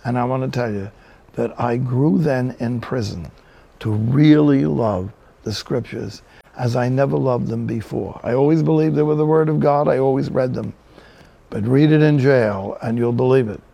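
A man's voice: medium pitch, expressive, normal speed, gravelly, dark tone. A man from New Jersey preaching a sermon, telling Bible stories with humorous asides. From New Jersey, USA.

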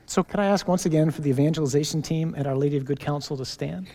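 A man preaching and leading a prayer as a priest at a parish mission, emphatic and drawing key phrases out slowly. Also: on the high side, animated, mellow. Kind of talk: sermon and led prayer. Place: large church. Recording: long church reverb.

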